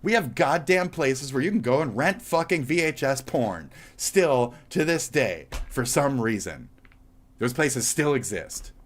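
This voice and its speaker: A man's voice: mid-range voice, expressive, a little slow, soft background music. Cursing, rambling man ranting. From United States. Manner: rambling, heavy cursing, angry. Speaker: live streamer. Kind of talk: profane live-stream rant.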